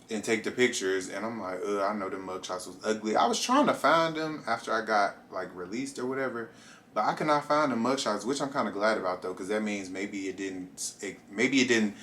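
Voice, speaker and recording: A young man vlogging a casual storytime, animated and acting out his own reactions as he goes. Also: on the low side, slight background noise.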